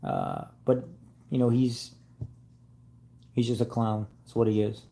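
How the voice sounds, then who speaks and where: A man's voice: medium pitch, wildly swooping pitch, measured pace, creaky, dark tone. A man hosting a casual car-channel live stream, rambling with fillers and restarts.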